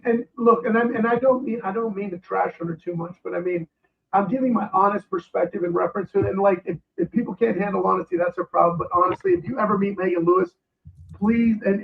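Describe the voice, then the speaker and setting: A man's voice: sits high, fairly even intonation, fast talker, gravelly, a little hiss or hum. A man being interviewed, ranting heatedly with many restarts and fillers. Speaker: guest. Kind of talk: casual interview chat. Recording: tinny phone-line call.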